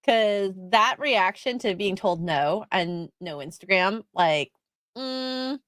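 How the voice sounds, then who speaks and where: A woman co-hosting a casual chat show, with a lively, chatty, self-deprecating manner. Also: medium pitch, slow pace, dry recording. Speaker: podcast co-host.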